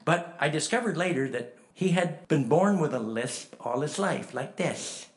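A man preaching a storytelling sermon, swinging from hushed to emphatic and asking the listeners direct questions. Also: fairly high pitch, expressive, moderate pace.

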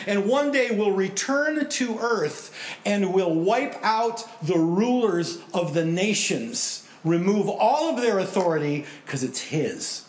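A male pastor preaching a sermon, animated storytelling that swings between loud and hushed. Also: high-pitched, roomy sound.

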